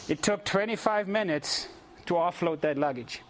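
Man, preacher, storytelling sermon, fairly high voice, animated, chuckling, faint room hum behind. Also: normal speed. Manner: animated, chuckles often, direct to audience. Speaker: preacher leading mission trips.

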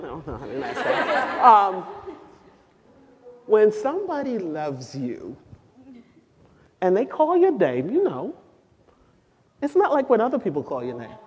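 A woman giving a sermon-style teaching to a group of women, lively and asking the audience questions. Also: medium pitch. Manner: animated, asks the audience questions, sings out quoted lines. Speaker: speaker at a women's gathering. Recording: dull lo-fi recording with long hall reverb.

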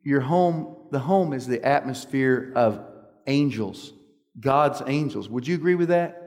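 A man's voice: medium pitch, animated, unhurried, a little mellow, in a large hall. A man giving an earnest preaching talk, often checking in with his listeners with questions. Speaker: speaker at a church meeting.

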